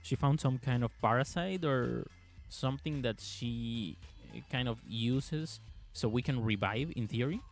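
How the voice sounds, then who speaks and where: A young man hosting a gaming video, reading the story narration evenly and chatting upbeat between scenes. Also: mid-range voice. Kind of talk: game narration and commentary.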